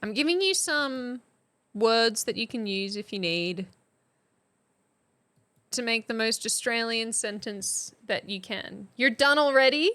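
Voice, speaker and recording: A young woman streamer with a high voice that swoops widely, talking at an unhurried pace. She laughs often and bursts into excited exclamations while hosting a playful mock class. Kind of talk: casual live-stream chat.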